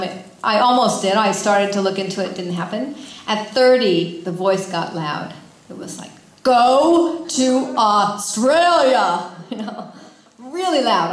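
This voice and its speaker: A middle-aged woman from California giving an inspirational talk to a gathering, chatty and animated, often asking the audience questions. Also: mid-range voice. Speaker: spiritual speaker. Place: large room with an audience. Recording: echoey hall.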